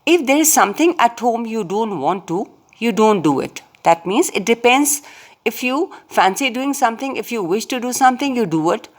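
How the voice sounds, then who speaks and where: A woman's voice: a little high, expressive, moderate pace. A woman teacher, patiently explaining a play line by line and rephrasing each line in simpler words. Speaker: English teacher.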